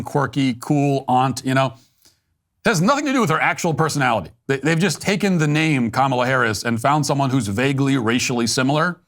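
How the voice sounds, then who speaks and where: A man's voice: mid-range voice, a bit bright. A man hosting a political commentary show, blunt and sarcastic, often restarting his sentences.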